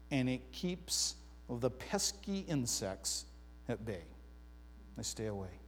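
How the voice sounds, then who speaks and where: A man preaching a sermon, mixing scripture reading with casual personal stories. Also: on the high side. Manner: conversational preaching with personal anecdotes. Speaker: pastor. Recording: reverberant hall.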